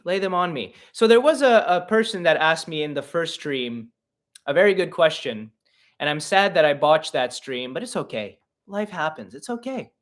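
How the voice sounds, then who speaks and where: A man's voice: fairly high pitch, a bit bright. A man in his twenties from Canada, a comedian rambling and joking his way through a casual livestream Q&A. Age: 20s. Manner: rambling, joking, self-deprecating. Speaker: comedian and podcast host.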